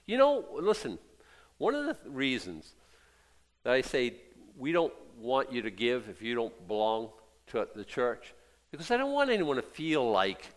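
A middle-aged male pastor preaching a sermon, animated and emphatic, dropping to hushed asides and rising to loud bursts. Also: mid-range voice, measured pace.

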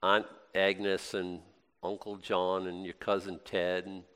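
A man preaching a conversational sermon, asking his listeners questions and breaking into excited bursts. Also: deep voice, slow, clean tone. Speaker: pastor. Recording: long hall reverb.

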